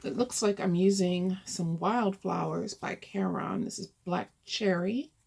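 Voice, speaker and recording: A woman's voice: fairly low pitch, a little slow, creaky, darkish tone, husky. A woman chatting casually as she shows her cross-stitch projects, thinking aloud and rambling as she goes. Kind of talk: casual show-and-tell.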